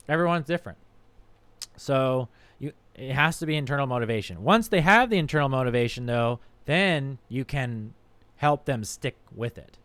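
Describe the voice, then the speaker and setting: A man's voice: mid-range voice, fairly bright tone, smooth, no echo. A man who is a doctor, talking frankly and casually on a livestream, with a bit of swearing. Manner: frank, profane, conversational. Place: home streaming setup.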